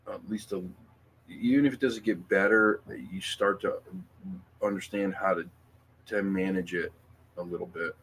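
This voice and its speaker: A middle-aged man hosting a casual livestream, speaking in an emotional, halting way with many fillers and restarts. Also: sits low, a bit bright, a little hiss or hum. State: emotional, near tears. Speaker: livestream host.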